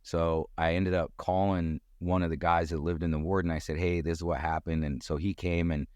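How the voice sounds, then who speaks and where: A middle-aged man telling a personal story in casual conversation, acting out quoted voices with sudden jumps in pitch. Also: little pitch movement, fairly quick, a little mellow, dry recording. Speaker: guest storyteller.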